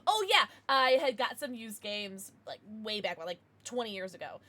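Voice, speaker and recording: A woman in her thirties streaming live, bubbly and quick to laugh as she chats with viewers and reacts to their messages. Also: medium pitch, big pitch swings, bright, forceful tone. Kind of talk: casual livestream chat.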